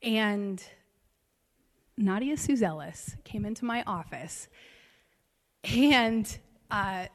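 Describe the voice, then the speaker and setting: A woman's voice: medium pitch, expressive, very slow, long pauses. Woman preacher in a reverberant hall. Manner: personal storytelling, emotional swings. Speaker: pastor. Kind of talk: sermon. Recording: long reverb of a large hall.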